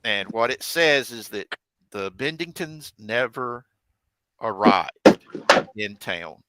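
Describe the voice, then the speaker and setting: Bright-voiced male game master. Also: lowish voice, expressive, no room sound, rough recording. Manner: halting, self-correcting narration. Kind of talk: narrating a tabletop game. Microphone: desk mic on a live stream.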